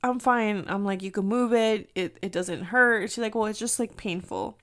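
Mexican-American woman, 30s, podcast host; chatty, animated storyteller with Spanish asides. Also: medium pitch, moderate pace. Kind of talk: casual storytelling chat.

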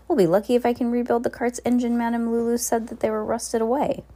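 A woman voicing a resourceful teenage girl inventor, earnest and practical, with a gravelly edge. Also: fairly high pitch, level tone, fast, dark tone, pitched above the performer's own voice, lightly acted. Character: resourceful eldest sister, teen girl inventor.

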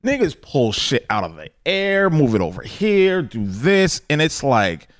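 Dude laying out his point on a podcast, mid pitch, lively swings, dry close mic. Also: dry recording. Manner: deliberate, emphatic, pushes back. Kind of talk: casual debate chat.

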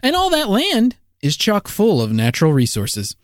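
Male co-host, wry deadpan script read, lively pitch, dry sound. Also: normal speed, dry recording. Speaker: podcast co-host. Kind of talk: jokey scripted podcast narration.

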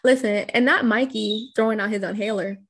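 A woman's voice: fairly high pitch, steady tone, fairly quick, a bit bright, husky. A woman co-hosting a casual movie podcast, recapping scenes with playful jokes. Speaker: podcast co-host.

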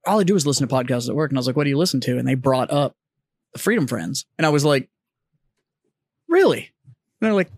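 A man's voice: mid-range voice, very fast, no echo, studio quality. A man co-hosting a podcast, telling stories in casual chat, profane and self-deprecating. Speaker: podcast co-host.

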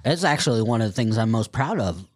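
Husky lowish man co-host, halting casual delivery, dry recording. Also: lively intonation, no room sound. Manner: halting, with many fillers. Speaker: podcast co-host. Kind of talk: casual chat.

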